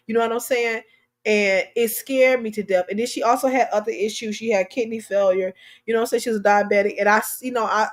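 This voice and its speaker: A middle-aged woman hosting a talk show, giving emotional commentary on a news story, preachy and impassioned and repeating herself. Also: a little high.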